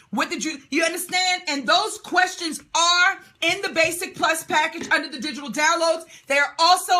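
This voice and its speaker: A woman's voice: extremely high pitch, sharp tone. A woman hosting a live call for business owners, exuberant, cheering and whooping as she reads out comments. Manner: rapid-fire when listing questions.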